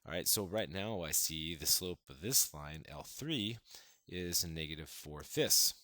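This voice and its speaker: A man's voice: low voice, lively intonation, unhurried, bright, forceful tone, dry recording. A man teaching a math lesson, counting through steps with playful, enthusiastic exclamations.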